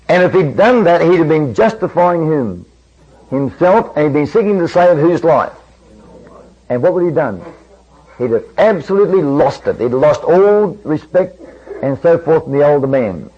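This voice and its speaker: A man's voice: fairly high pitch, warm tone, husky. A man preaching a sermon, telling a story in earnest and acting out the quoted dialogue. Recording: dull lo-fi old recording.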